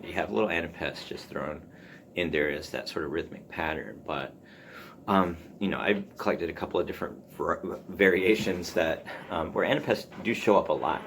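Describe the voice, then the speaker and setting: A man hosting a solo podcast, musing aloud about writing in a halting way, full of ums and restarts. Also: extremely low pitch, fairly bright tone, slight background noise. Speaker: podcast host. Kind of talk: casual solo talk on writing.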